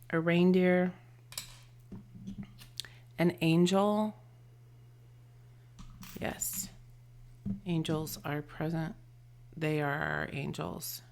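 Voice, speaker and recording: A woman giving an intuitive tarot and charm reading, gentle and affectionate, often trailing off into soft murmurs. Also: low-pitched, a little hiss or hum. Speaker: tarot reader and channeler.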